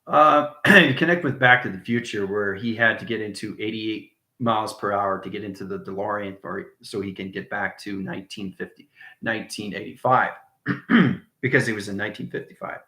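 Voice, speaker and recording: A man's voice: lowish voice, moderate pace, pushed and bright, roomy sound. A man hosting a livestream, talking in a rambling monologue full of repeated jargon and frequent "right?" checks to his viewers. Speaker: livestream host.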